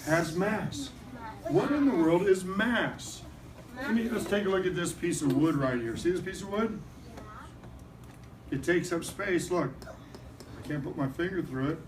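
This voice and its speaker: A man's voice: high voice, measured pace, pauses often. Guy doing a fun science lesson for little kids, mic kinda far off, noisy classroom around him. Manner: playful, animated, coaxing call-and-response. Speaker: science teacher visiting a first grade class. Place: school classroom.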